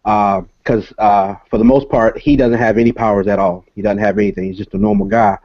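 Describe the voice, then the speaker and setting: A man, a comic creator and guest, explaining casually over a video call, halting with many filler sounds. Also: fairly low pitch, steady tone, darkish tone, no echo. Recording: dull lo-fi call audio.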